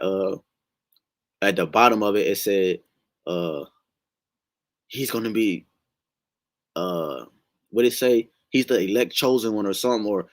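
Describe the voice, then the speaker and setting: A man's voice: fairly low pitch, dry recording. A young man recounting a dream in a casual, rambling way, emotional and slangy, swearing often. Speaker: testimony sharer. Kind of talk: casual spoken testimony.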